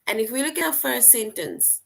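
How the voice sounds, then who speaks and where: A woman teacher explaining a lesson slowly, repeating points and checking in with "right?" often. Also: a little high, lively intonation, vocal fry, a bit bright. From outside the US. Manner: slow, repetitive explaining, frequent "right?" check-ins. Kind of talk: online class lesson.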